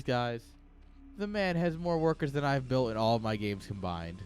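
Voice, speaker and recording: A young man commenting live on an esports match in an excitable, joking way, talking straight to his chat. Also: mid-range voice, brisk, clear, resonant tone. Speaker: game caster.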